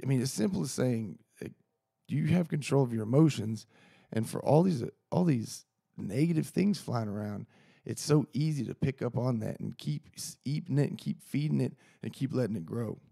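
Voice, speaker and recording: Man, gravelly, dark and husky, profane rambling rant. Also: mid-range voice, expressive, moderate pace, no echo, clean studio sound. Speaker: podcast host. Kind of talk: casual solo rant.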